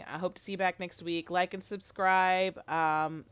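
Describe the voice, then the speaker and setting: A woman's voice: on the low side, fairly even intonation, a little slow, clean tone, no echo. A woman vlogging casually about her rock tumbler, thinking aloud with ums and a sick-sounding voice. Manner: chatty, thinking aloud with fillers. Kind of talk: casual how-to vlog.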